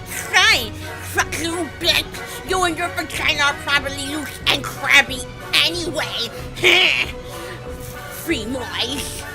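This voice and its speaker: A woman's voice: on the high side, very animated, unhurried, music in the background. A woman voicing a pompous, entitled man who talks eagerly and whines when refused. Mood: whiny, angry. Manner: eager and whiny, turning to shouting.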